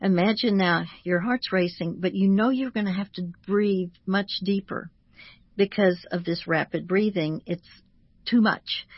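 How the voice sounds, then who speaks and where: A woman who is a Christian author, speaking as a guest on a radio talk show in a measured, teaching manner and slowing down to stress each word. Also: mid-range voice, husky, dry recording, highs cut off.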